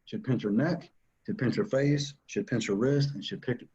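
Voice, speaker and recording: A man's voice: medium pitch, moderate pace, a little mellow, dull audio. A man giving an earnest, emphatic personal account as a father. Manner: earnest, emphatic, repeats for stress. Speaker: father telling his family story. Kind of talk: personal testimony.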